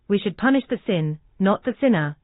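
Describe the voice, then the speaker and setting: A woman's voice: mid-range voice, animated, brisk, no room sound, lightly acted. Casting: woman voicing a young boy wizard, plain, tinny and dry. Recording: dry, tinny phone-like sound.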